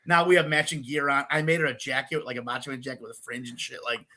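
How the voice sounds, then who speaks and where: Bright-voiced animated male storyteller. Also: medium pitch, quick pace. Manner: animated storyteller, swears a lot, laughs often. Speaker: podcast guest, wrestler. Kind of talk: casual chat.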